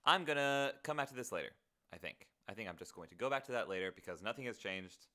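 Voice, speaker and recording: A man's voice: fairly low pitch, expressive, quick pace, pushed and bright. A man streaming live while making music, muttering to himself and joking playfully at his own expense as he greets his chat. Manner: muttering to himself, playful self-mocking asides.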